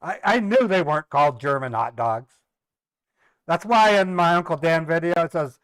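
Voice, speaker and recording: A man's voice: on the high side, expressive, normal speed, a bit bright, clean tone, no room sound. A middle-aged man casually telling family stories on a livestream, rambling, repeating words and laughing at his own jokes. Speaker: live streamer and scambaiter.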